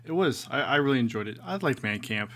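A man's voice: mid-range voice, lively intonation, fast talker, a bit bright. A man co-hosting a casual podcast, chatting in an easygoing, enthusiastic way. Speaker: podcast co-host. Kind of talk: casual chat.

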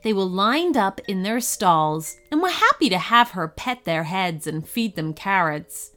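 A woman narrating a children's Christmas story in an expressive storybook reading. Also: medium pitch, a little slow.

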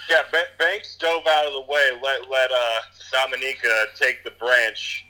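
A man co-hosting a podcast, adding dry halting asides in casual chat. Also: medium pitch, level tone, pushed and bright, low-quality recording. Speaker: podcast co-host.

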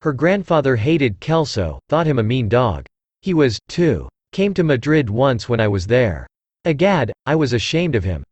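A synthesized male voice reading the part of a gruff, blustering old aristocratic uncle who grumbles bluntly. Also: mid-range voice, big pitch swings, moderate pace, a little mellow, no room sound. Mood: grumbling. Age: older.

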